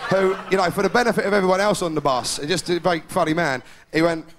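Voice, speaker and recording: A man's voice: high-pitched, steady tone, fast, fairly bright tone. A man performing a live stand-up comedy routine, rambling and chatty, often laughing at his own jokes. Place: live comedy venue with audience. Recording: 1990s VHS live recording with hiss.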